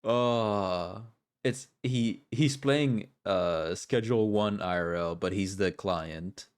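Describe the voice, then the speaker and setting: Male co-host, lower voice, unhurried delivery, mocking and laughing in casual stream chat. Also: smooth.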